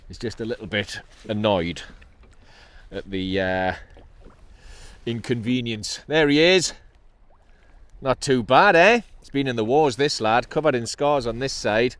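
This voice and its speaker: A man's voice: mid-range voice, lively intonation, a little slow, a bit bright. Chatty Geordie man fishing from a kayak. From North East England. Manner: cheerful, chatty, breaks into laughs and exclamations. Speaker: kayak angler and channel host. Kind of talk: casual outdoor fishing commentary. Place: on a kayak at sea, outdoors.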